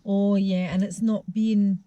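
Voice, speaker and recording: A woman's voice: medium pitch, little pitch movement, slow pace, warm tone, dry recording. A woman chatting casually outdoors on a vlog beside her partner, dry and matter-of-fact. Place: outdoors in a small town street.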